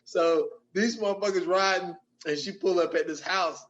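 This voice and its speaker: A man's voice: sits high, moderate pace, a bit bright, dull audio. A man on a podcast, animatedly retelling movie scenes in casual chat and laughing often. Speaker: podcast co-host.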